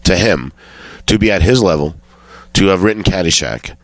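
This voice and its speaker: A man's voice: low-pitched, expressive, normal speed, dry recording. A comedian guest telling casual anecdotes, swearing freely and acting out the lines of people in his stories. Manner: swearing storyteller who acts out quotes.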